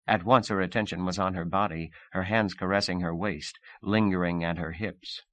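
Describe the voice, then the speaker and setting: A man with a low voice reads an audiobook in a calm, measured way. The sound is close and dry, with no room echo. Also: dull audio. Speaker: audiobook narrator. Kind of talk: audiobook narration.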